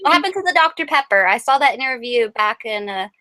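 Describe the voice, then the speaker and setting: A woman's voice: a little high, animated, fast, sharp tone, no echo. A woman hosting a live chat stream, upbeat and giggly as she reads questions. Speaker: host.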